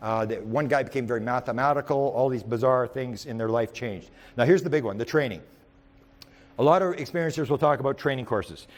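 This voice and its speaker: Male lecturer with an average pitch who tells rambling anecdotes in the present tense and often restarts. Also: fairly quick. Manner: rambling, with frequent restarts and repeated words; animated storyteller who speaks in the present tense. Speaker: UFO researcher giving a talk.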